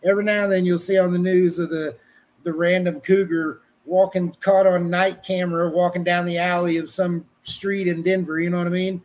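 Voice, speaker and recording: A man's voice: high voice, flat delivery, normal speed, a little mellow. A middle-aged man from Colorado, a wrestling journalist, chatting on a podcast in a rambling, folksy, profane way. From Colorado, USA. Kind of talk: casual podcast chat.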